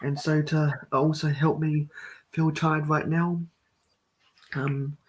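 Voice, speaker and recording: A man hosting a live stream at home, talking through a build in a soft, mellow monotone. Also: a little high, takes it slowly, rough recording.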